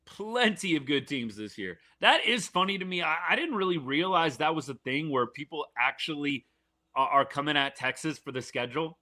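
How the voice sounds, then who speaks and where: A man's voice: a little high, fairly quick. A man hosting a live reaction stream for a college football game, talking casually and animatedly, with frequent restarts. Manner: animated, fan-partisan commentary with frequent restarts.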